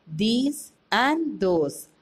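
Indian english lady teacher going over grammar, slow and super clear, voice bounces up and down a lot. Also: fairly high pitch, very animated, rough recording. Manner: slow, clear explaining with questions to pupils. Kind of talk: classroom grammar lesson.

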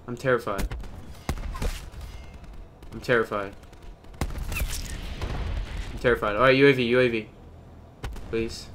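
A man hosting his own gaming channel, giving live gameplay commentary with an excitable manner, loud outbursts and goofy banter. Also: medium pitch, a little slow, long pauses, a little hiss or hum. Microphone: webcam or desk mic.

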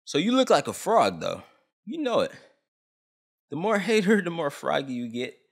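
A man's voice: a little high, big pitch swings, normal speed, gravelly. A young man from Canada ranting on camera about a law, agitated, blunt and full of slang. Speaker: vlogger. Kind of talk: heated opinion rant.

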